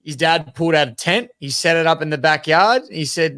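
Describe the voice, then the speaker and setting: Australian podcast co-host, relaxed storyteller, slightly high, smooth voice. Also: male voice, brisk, dry recording, studio quality. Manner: laid-back storyteller. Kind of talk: casual footy chat.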